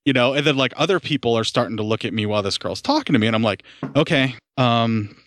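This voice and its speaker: A man's voice: medium pitch, expressive, fast talker, fairly bright tone, dry recording. A man on a podcast telling a long, rambling story, full of fillers and swearing, acting out what people said. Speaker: podcast co-host. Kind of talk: casual storytelling.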